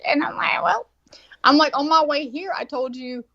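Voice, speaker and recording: A woman's voice: sits high, normal speed, gravelly, no room sound. A woman in her forties telling a rambling story with lots of swearing, acting out what everyone said. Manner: profane, animated, acts out quotes. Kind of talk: casual storytelling. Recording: dull, dry lo-fi sound.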